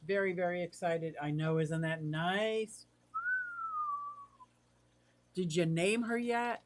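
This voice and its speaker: A chatty livestream host who reads viewer comments aloud and answers them, easily excited and warm. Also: mid-range voice, slow, long pauses, background noise. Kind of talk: casual livestream chat.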